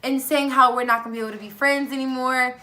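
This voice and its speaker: A teenage girl telling a casual storytime vlog, animated, acting out quoted lines between fillers. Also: high voice, quick pace. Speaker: vlogger.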